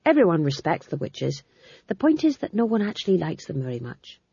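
Woman reader as a nervous male jester, brisk and husky, dull recording. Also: fairly low pitch, sing-song, dark tone, no echo, full character voice. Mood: wry. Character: wry nervous male court fool. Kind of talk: audiobook character voice.

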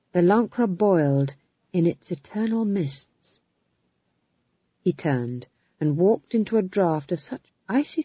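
A woman narrating an audiobook in an expressive storytelling manner. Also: medium pitch, breathy edge, no room sound. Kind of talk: scripted narration. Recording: dull dry close recording.

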